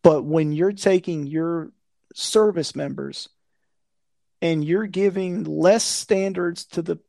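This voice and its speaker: A man's voice: a little high, takes it slowly, creaky, warm tone, dry recording, clean studio sound. A man in casual conversation, blunt and profane, ranting with a conspiratorial tone. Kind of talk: casual chat.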